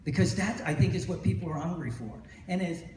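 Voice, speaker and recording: A man's voice: high voice, fairly quick, darkish tone, slight background noise. A middle-aged man giving a motivational talk to hypnosis instructors at a convention, telling stories and asking "right?" again and again. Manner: storytelling, repeats phrases, asks "right?". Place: large convention hall. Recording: echoey hall recorded from far off.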